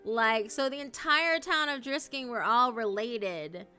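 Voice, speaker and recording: A young woman streaming live, chatting casually and emotionally, swearing often and swinging between loud outrage and low dejected mumbling. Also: a little slow, faint music behind. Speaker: streamer reacting to a story.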